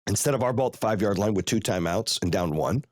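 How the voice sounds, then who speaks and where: A man hosting a podcast, telling a story in a casual, profane, animated way and rattling off rapid play-by-play. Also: on the low side, no echo, studio quality. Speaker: podcast host.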